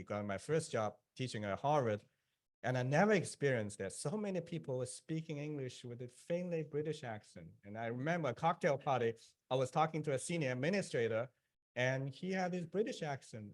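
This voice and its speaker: A man speaking as an author on a panel, telling lively anecdotes to an audience and laughing at his own jokes. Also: mid-range voice. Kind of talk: panel discussion. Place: public event, speaking to an audience.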